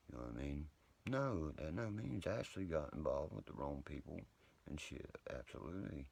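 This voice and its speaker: A man's voice: a bass voice, creaky, darkish tone, husky. A man rambling at night on a live stream, profane, boastful and heated. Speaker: livestreamer talking to viewers. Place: indoors at home, late at night.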